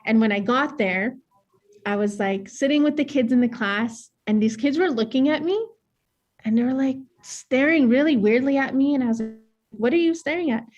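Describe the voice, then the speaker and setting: A woman's voice: on the high side, moderate pace, darkish tone. A woman from northern Saskatchewan with a northern Saskatchewan accent, a dancer and choreographer telling her own life story in a candid, plain-spoken way that laughs easily. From northern Saskatchewan, Canada. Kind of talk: personal storytelling talk.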